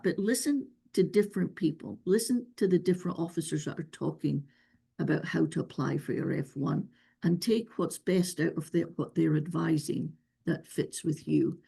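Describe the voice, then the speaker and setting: Her lowish voice is creaky and mellow, carrying a breathy edge and a noticeable non-local accent. She's a visa expert answering questions in a webinar Q&A on a video call, offering advice in an earnest, emphatic way.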